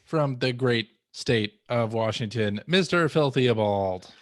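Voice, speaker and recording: A man's voice: medium pitch, animated, measured pace, dry recording, studio quality. A man hosting a podcast, reading the show's intro with stretched, playful emphasis. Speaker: podcast host. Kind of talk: casual podcast chat.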